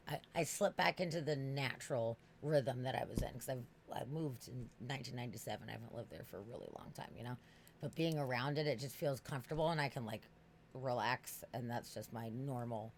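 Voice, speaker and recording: An East Coast man hosting a podcast in a loose, rambling chat, middle-pitched and quick to laugh. He swears freely and tells stories with plenty of energy, over a faint hiss of background noise. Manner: animated, laughing, profane and rambling. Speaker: podcast host.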